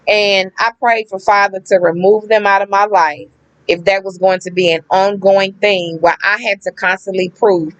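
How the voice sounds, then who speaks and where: A woman's voice: mid-range voice, moderate pace, dry recording, rough recording. A woman venting to her camera in a loose, slangy storytelling flow. She leans on repetition for emphasis and slips into other people's voices as she recounts them. Her voice is recorded up close and dry, with no room sound around it. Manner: animated, acts out quoted people, emphatic repetition; slangy, conversational. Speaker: vlogger.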